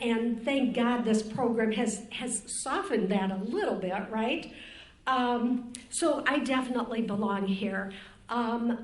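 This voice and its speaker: A woman's voice: fairly high pitch, a little mellow. An older woman from Cleveland, Ohio, giving a candid, rambling personal testimony as a speaker on a recovery panel. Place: conference room at a retreat. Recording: roomy conference room.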